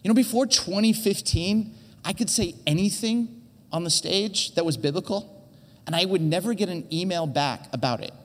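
An earnest male pastor gives a conversational sermon on a church stage, often stumbling and repeating words as he goes. His voice sits a little high. It rings with the long reverb of a large hall. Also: moderate pace. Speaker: teaching pastor.

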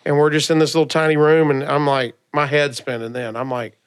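A comedian from Alabama with a Southern accent tells stories on a podcast in a loose, animated style, acting out other people's lines. His pitch sits fairly high and he talks briskly.

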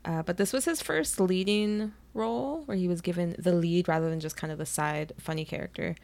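A woman's voice: lowish voice, brisk, vocal fry, a little mellow. A young woman co-hosting a podcast in casual chat, gushing like a fangirl and laughing often. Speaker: podcast co-host.

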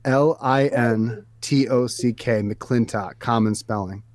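A man's voice: medium pitch, steady tone, slow pace, a little mellow, no echo. A man making a prank phone call, hesitant and repetitive, with a falsely soothing tone. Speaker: prank caller host.

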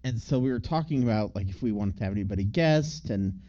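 A man's voice: on the low side, expressive, quick pace, dark tone, dull audio. A man co-hosting a casual podcast, chatting in a loose, rambling way with laughs and restarts. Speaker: podcast co-host.

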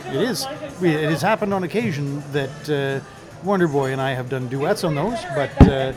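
A man introducing himself at a restaurant dinner table, speaking in an easygoing, wordy, measured way. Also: on the high side, animated, over loud music. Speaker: dinner guest, father. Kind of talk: casual self-introduction.

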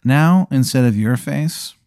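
A man improvising a tabletop game as its game master, with a deadpan, meandering delivery. His pitch is medium and he stalls often on ums and likes. The recording is close and dry, with no room sound. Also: measured pace, dry recording.

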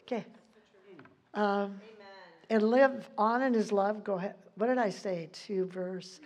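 A woman's voice: mid-range voice, fairly even intonation, a little slow, darkish tone. An older woman giving an informal Bible teaching, chatty, quoting scripture and laughing often.

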